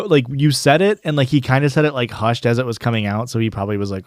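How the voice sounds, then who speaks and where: A man's voice: mid-range voice, steady tone, fast talker, hardly any pauses, a little mellow, no room sound, clean studio sound. A young man streaming and chatting casually, telling stories in a rambling way, full of fillers and restarts. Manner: rambling storyteller, many "like"s and restarts. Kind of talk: casual chat while gaming.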